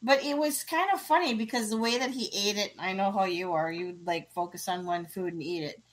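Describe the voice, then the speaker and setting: A woman's voice: medium pitch, brisk. A woman in casual chat, amused and laughing often as she tells a story.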